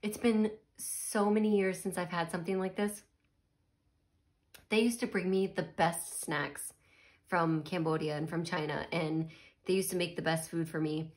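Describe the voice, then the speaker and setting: A woman's voice: lowish voice, fairly even intonation, moderate pace. A woman chatting casually while tasting snacks, murmuring and laughing as she eats. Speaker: snack reviewer.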